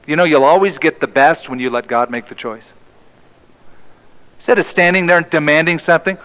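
A male pastor preaching a sermon in an emphatic way, often dropping to a hushed tone for the key lines. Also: fairly high pitch, brisk, muffled recording.

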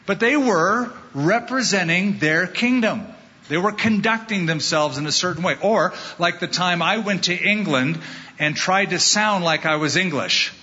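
A middle-aged American man preaching a sermon in a measured, emphatic way, mixing explanation with personal stories. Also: sits high, lively intonation, bright, forceful tone, highs cut off. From California, United States. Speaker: pastor.

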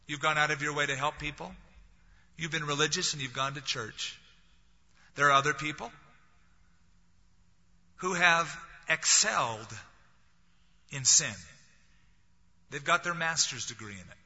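A man delivers a sermon in a bright, cutting, somewhat husky voice that sits a little high. He talks conversationally and drops in wry jokes. The recording is dull and lo-fi, with a long reverb tail as if in a large hall. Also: unhurried, pauses often. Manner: conversational, with wry humorous asides. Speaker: pastor.

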